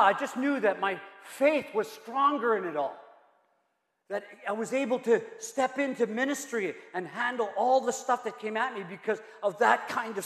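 A man's voice: very high-pitched, a bit bright. A male pastor preaching a sermon, emphatic and repetitive, asking the room rhetorical questions. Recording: roomy hall reverb.

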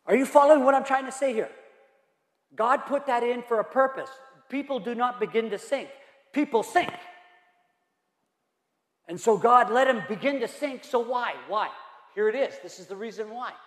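A man's voice: very high-pitched, normal speed, long pauses. A male pastor preaching a sermon, emphatic and repetitive, asking the room rhetorical questions. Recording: roomy hall reverb.

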